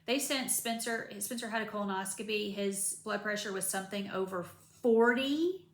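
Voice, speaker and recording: A woman's voice: mid-range voice, normal speed, roomy sound. A woman, chatting casually to camera about her recovery after surgery, rambling with lots of asides. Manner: chatty, rambling, animated retelling with many asides. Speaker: vlogger.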